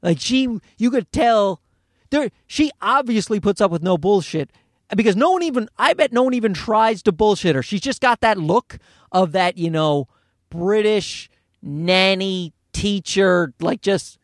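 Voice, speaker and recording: A man telling a comedy story about his own child, swearing freely and breaking into ranting asides. His voice sits high for a man and swings widely in pitch. The sound is dry and close, with no room around it. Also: a little slow, no room sound. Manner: animated, profane, ranting asides. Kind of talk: comedic monologue.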